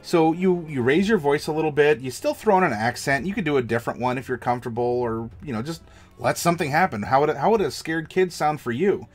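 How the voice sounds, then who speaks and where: A man's voice: mid-range voice, lively intonation, quick pace, soft background music. An American man, a game master and streamer, giving tabletop storytelling advice in an enthusiastic, demonstrative way. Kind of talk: livestream advice chat.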